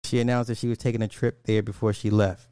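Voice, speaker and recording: A man's voice: on the low side, little pitch movement, quick pace, dark tone, clear, resonant tone, no echo. Guy going off on a rant, cussing, says stuff twice, dry close sound. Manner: blunt, profane, repeats lines for emphasis. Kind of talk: casual commentary rant.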